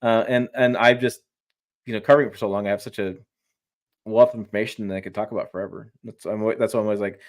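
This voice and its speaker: A man's voice: fairly low pitch, fairly even intonation, fast. A man speaking as a guest on a livestream, chatting casually and enthusiastically, with frequent restarts and rambling asides. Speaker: guest truck reviewer.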